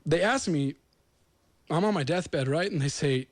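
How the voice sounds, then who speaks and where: A man's voice: fairly high pitch, animated, a little slow, pauses often, no room sound. A man from the United States hosting a talk show, delivering an earnest, rambling monologue that turns emotional. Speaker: host.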